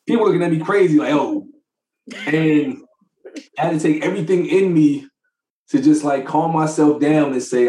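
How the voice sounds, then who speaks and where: A man sits in an echoey room and chats casually as a podcast co-host. He tells his stories in an animated way, laughs a lot, and his voice sits a little higher than most men's. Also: moderate pace. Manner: animated storyteller, laughs often. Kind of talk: casual chat.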